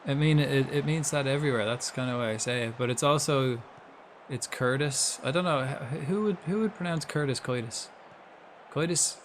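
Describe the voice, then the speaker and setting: A man's voice: medium pitch, a little fast, slight background noise. A young Irish man chatting casually while streaming a football management game, reacting aloud and swearing freely. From Ireland. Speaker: gaming streamer. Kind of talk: casual live-stream commentary.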